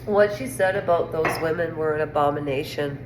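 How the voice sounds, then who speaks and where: A woman's voice: deep voice, a little fast. A woman from Canada giving a rambling, indignant casual opinion monologue on pop culture. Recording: echoey room with faint noise.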